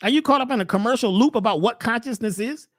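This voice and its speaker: A man hosting a spiritual health webcast, preaching in a steady run of rhetorical questions. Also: very high-pitched, fast talker, no echo, studio quality. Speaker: natural health webcast host. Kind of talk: spiritual motivational talk.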